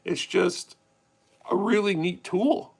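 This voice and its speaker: Young dude on a livestream, kinda high gravelly voice, talks loose and swears a lot. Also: male voice, slow, rough recording. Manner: chatty, reads viewer questions aloud and swears freely. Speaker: livestream host. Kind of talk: casual live-stream chat.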